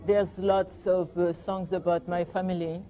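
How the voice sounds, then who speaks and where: An older woman from France with a French accent, chatting in an interview and telling anecdotes with gentle amusement. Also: fairly low pitch, flat delivery, unhurried. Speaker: guest, performer. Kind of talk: reminiscing interview.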